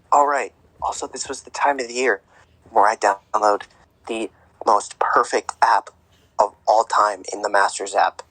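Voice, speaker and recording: A man's voice: fairly low pitch, a bit bright, husky, dry recording, poor audio. A young man co-hosting a podcast, chatting casually about sports with a rambling, filler-heavy way of talking. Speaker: podcast co-host.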